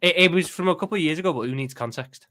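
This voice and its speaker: Blunt sweary Scouse lad. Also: male voice, fairly high pitch, racing, pushed and bright. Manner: blunt, sweary, jokey banter. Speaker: co-host of a football watchalong. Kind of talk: casual chat.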